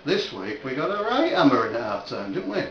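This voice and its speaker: Amateur footballer chatting after the game, easygoing, echoey lo-fi sound. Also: male voice, medium pitch, very animated, brisk, fairly bright tone, a little hiss or hum. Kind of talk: casual post-match chat. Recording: echoey lo-fi recording.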